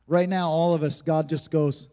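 A man's voice: fairly high pitch, steady tone, moderate pace, mellow, in a large hall. A male pastor preaching a sermon in a church, emphatic and conversational, with frequent rhetorical questions to the congregation. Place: church sanctuary.

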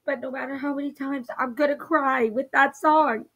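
A woman's voice: high-pitched, fairly even intonation, moderate pace, hardly any pauses, a bit bright, faint music behind, poor audio. A young woman vlogging at home, emotional and apologetic, talking through tears. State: crying. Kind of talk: casual talk to camera.

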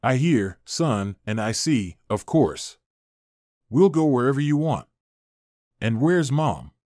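A man's voice: medium pitch, sing-song, slow, no echo, studio quality. A man reading a weak, bedridden father. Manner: weak, quiet.

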